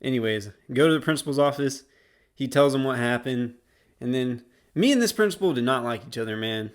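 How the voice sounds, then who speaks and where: A man's voice: medium pitch, lively intonation, a little fast. A young man casually telling a school story as a YouTuber, slangy and rambling. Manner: slangy, rambling, laid-back.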